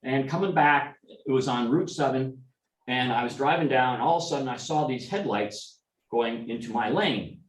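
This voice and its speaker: A middle-aged man with a medium-pitched voice and normal speed shares loose, anecdotal tales at an informal club meeting, with frequent restarts and side comments. The sound is echoey, since he's in a meeting room well away from the mic.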